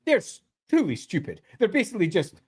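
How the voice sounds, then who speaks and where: A man talking emphatically in a casual podcast discussion, his pitch swinging up and down as he makes his points. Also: huge pitch swings, brisk, darkish tone, slight background noise. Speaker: co-host of a lore podcast.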